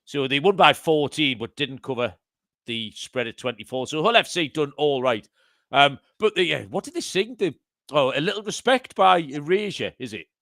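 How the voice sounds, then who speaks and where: A man's voice: on the high side, expressive, moderate pace, a bit bright, no echo, clean studio sound. A man hosting a podcast, chatting casually and amusing himself with his own banter. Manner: chatty, self-amused banter. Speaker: podcast host.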